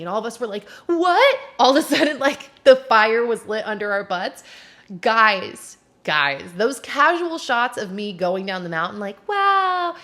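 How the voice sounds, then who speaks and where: A young woman vlogging, telling a story to camera in a chatty, animated way with lots of filler words and squealed quotes. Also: mid-range voice.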